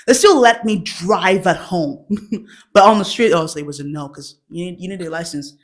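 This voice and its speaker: Brief: young woman, stand-up comic, chatty storytelling broken by frequent laughter. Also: sits low. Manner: laughs often mid-sentence, animated acted quotes. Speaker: stand-up comedian.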